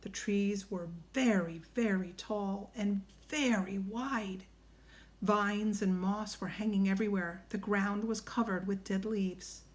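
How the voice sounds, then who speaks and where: A woman reading a children's storybook aloud, hushed in quiet passages. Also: medium pitch, steady tone, slow. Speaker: audiobook narrator.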